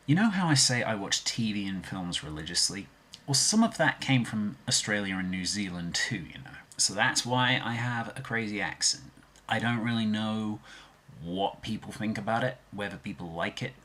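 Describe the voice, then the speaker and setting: A man's voice: fairly low pitch, fairly bright tone. A man in his twenties with a Birmingham accent, rambling in a self-deprecating way in a casual vlog. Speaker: vlogger.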